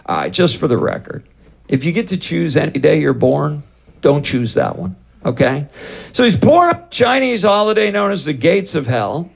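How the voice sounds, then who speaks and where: A man with a somewhat high speaking voice delivers a sermon as a story. He acts out the back-and-forth of the exchanges with lively energy, like a pastor holding a congregation's attention. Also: moderate pace, gravelly. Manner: animated, acts out both sides of dialogues. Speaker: pastor leading deliverance ministry.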